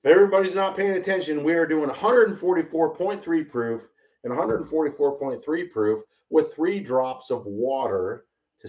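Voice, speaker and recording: Excitable man, slightly distant mic. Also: medium pitch, dull audio. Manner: excitable, exclaiming, rambling. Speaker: bourbon tasting host. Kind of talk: casual livestream tasting chat.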